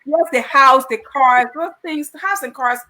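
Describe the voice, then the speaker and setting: A woman's voice: high-pitched, moderate pace, sharp tone. A woman co-host in a casual panel chat, giving emphatic, preachy advice.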